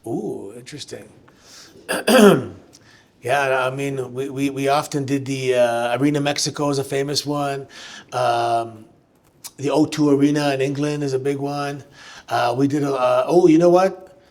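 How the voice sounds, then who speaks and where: A man answering fan questions at a live show, telling animated stories with frequent restarts. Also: mid-range voice, a little slow. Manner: animated, chatty storyteller who restarts sentences. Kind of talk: live on-stage storytelling Q&A. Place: live show venue with audience.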